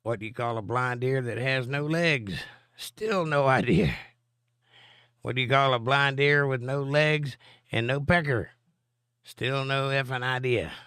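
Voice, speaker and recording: A man's voice: medium pitch, a little slow, pushed and bright, smooth, no room sound, clean studio sound. A middle-aged man, hosting a live stream and reading viewer comments aloud with a joking, chatty manner. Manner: joking, chatty, answers chat directly.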